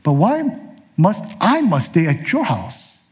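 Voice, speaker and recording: Male pastor, high voice, conversational sermon, casual asides. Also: huge pitch swings, slow pace.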